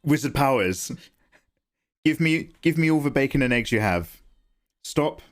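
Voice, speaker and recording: Drawing on stream, this young man wanders between topics in casual chat, laughing a lot through his rambling stories. His voice is medium-pitched and expressive, and he talks a little slowly.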